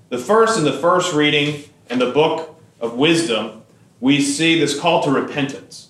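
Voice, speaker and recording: A male priest preaches a homily at a mid-range pitch, easygoing and conversational, with small hesitations as he tells a story. His voice rings out in a roomy church with clear echo. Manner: conversational storytelling, relaxed with fillers. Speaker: Catholic priest.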